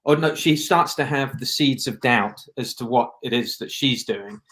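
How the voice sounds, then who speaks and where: A man's voice: mid-range voice, moderate pace, a bit bright. A man speaking as a film director guest in a casual interview, reflective and rambling, often restarting his sentences.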